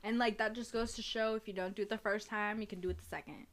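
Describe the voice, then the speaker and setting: A teenage girl in casual chat, reacting with exclamations and quick replies. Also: medium pitch, fairly even intonation, a bit bright.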